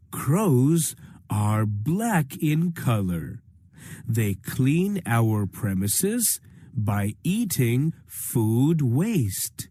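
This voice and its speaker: Slow, husky Indian-accented storyteller woman. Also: very deep voice, big pitch swings, mellow, dry recording, studio quality. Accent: Indian English. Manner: slow, deliberate, explaining. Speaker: teacher narrator. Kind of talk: storytelling for young children.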